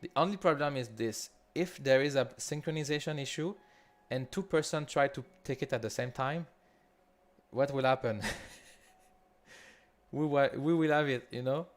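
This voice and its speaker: A man from Quebec with a Quebec French accent, leading a live coding walkthrough in a halting, think-aloud way with frequent restarts. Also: medium pitch. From Quebec, Canada. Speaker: developer leading a builder session.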